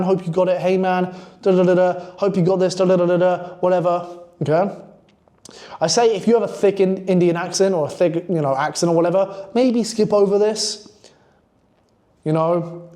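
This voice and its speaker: A man's voice: sits high, mellow. A man coaching on copywriting in a blunt, profane, hyped-up casual monologue.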